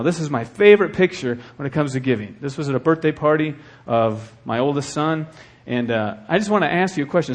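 A pastor preaching a sermon to his church, this man swings between hushed, earnest speech and loud, fervent exhortation. His voice sits a little high.

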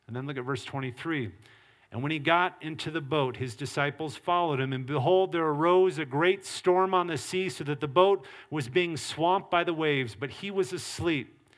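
A man's voice: on the high side, normal speed, a bit bright. A middle-aged male pastor preaching a sermon, earnest and emphatic. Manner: earnest preaching with acted quotes and varied emphasis.

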